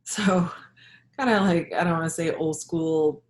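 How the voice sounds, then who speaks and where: A middle-aged woman, a health practitioner and yoga teacher, sharing a personal story in a reflective, halting way with soft laughs. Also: deep voice. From Jamaica. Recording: echoey room.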